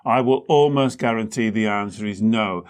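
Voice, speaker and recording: A man, the host and therapist, calmly explaining ideas with everyday analogies in a teaching talk. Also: fairly low pitch, normal speed, smooth. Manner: calm explaining, uses analogies.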